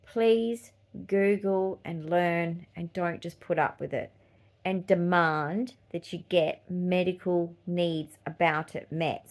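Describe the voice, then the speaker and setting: A woman's voice: on the low side, darkish tone. A woman in her forties with an Australian accent, hosting a podcast as a casual monologue, blunt and swearing freely with laughs between points. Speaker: podcast host.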